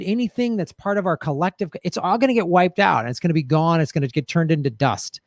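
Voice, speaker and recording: A man's voice: on the high side, expressive, fast, hardly any pauses, darkish tone, dry recording, clean studio sound. A man hosting a show, talking in a casual, reflective and rambling way to his viewers, with many fillers and restarts. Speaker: show host. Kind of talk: casual commentary to live chat.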